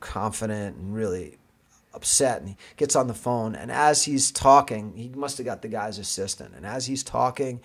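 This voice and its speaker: A man guest on an interview show, a sports agent, telling a story with lively energy and frequent laughs. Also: lowish voice, moderate pace, husky. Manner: lively, laughing, acts out other voices. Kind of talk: animated anecdote storytelling.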